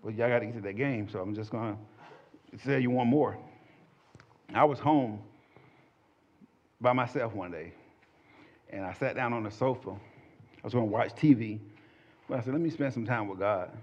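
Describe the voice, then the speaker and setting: A man's voice: mid-range voice, normal speed, pauses often. A man telling a church testimony to a small group in a folksy, conversational way. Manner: conversational, folksy, animated storytelling. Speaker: church minister giving a testimony. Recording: dull lo-fi audio.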